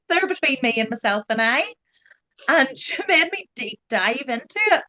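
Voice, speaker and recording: A woman's voice: a little high, lively intonation, measured pace, sharp tone. Chatty young woman, lo-fi sound. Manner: chatty, heavy use of "like" and "you know". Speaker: guest sharing her genetic testing experience. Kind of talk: casual conversational storytelling.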